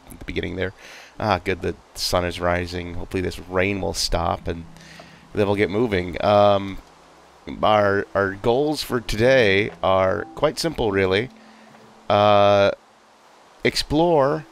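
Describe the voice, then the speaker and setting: A man's voice: sits low, vocal fry, a little hiss or hum. A man casually commentating his game session, rambling and self-mocking with lots of asides. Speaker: gaming video host.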